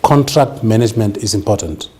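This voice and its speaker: A man's voice: on the low side, animated, brisk, background noise. A man giving an emphatic business seminar lecture, often checking that the audience understands. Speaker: business speaker.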